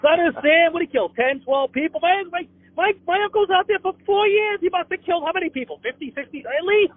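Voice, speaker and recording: Older comic, high and animated, stammering rant, heard over a thin phone line. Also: male voice, no echo. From Boston area. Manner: fast ranting with stammered restarts. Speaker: comedian guest. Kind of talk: ranting comedic phone chat. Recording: tinny dry phone line.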